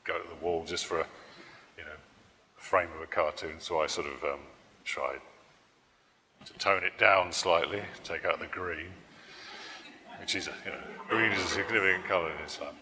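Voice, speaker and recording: Male political cartoonist at a public talk: deep, bright voice, rambling, dry wit, echoing hall. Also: moderate pace, long pauses. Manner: rambling, self-correcting, dry humor.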